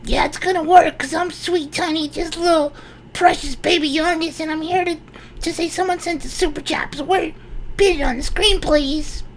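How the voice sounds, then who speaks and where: A woman's voice: extremely high pitch, fairly even intonation, normal speed, slight background noise, rough recording. A woman voicing a tiny, vain baby boy mascot who reads super chats on a livestream, sweet-voiced and boastful. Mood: cute boastful. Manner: sweet-voiced and boastful, then suddenly rowdy. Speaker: super chat reader. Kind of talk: livestream comedy bit.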